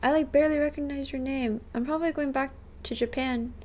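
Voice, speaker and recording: A livestreamer in her twenties chats casually with viewers from a rented apartment, thanking subscribers by name. Her high voice is bubbly and full of "like," with a steady, brisk delivery and a darkish tone.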